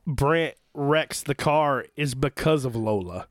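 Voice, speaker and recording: A man's voice: medium pitch, slow pace, no echo. A man co-hosting a movie podcast, chiming in with short remarks and agreement. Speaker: podcast co-host. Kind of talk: casual movie chat.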